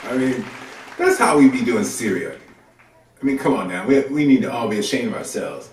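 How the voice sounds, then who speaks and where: A man's voice: mid-range voice, fairly quick, some chatter behind, a little hiss or hum. A man doing a stand-up comedy set on a club stage, talking in a loose, colloquial, conversational way. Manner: loose, conversational, colloquial delivery with lively swings. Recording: roomy club sound from a distant mic.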